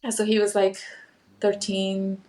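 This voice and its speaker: A woman's voice: mid-range voice, monotone, unhurried, darkish tone. A middle-aged woman, a hypnotherapist, telling a personal story in a casual interview, acting out the voices of people she quotes. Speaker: hypnotherapist guest.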